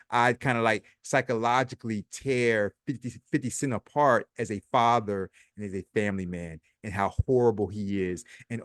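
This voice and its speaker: This casual commentary vlog features a host whose voice sits on the low side, captured at studio quality with no room sound. He's chatty and sarcastic, reading posts aloud, adding comments, and saying things more than once.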